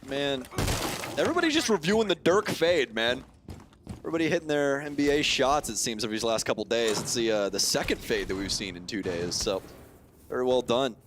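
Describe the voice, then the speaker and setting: A man's voice: medium pitch, lively intonation, fairly quick, noisy background. A man giving esports color commentary, analytical with sarcastic jokes.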